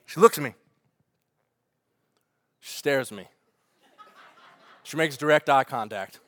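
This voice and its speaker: A man, a pastor preaching a sermon with funny family stories and lively asides. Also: fairly high pitch, unhurried, long pauses, dry recording, studio quality. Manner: storytelling with humor, animated asides.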